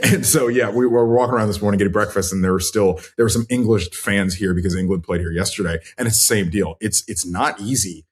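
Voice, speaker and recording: Podcast cohost, man, lowish voice, animated exasperated rant. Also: fast, hardly any pauses. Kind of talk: casual podcast chat.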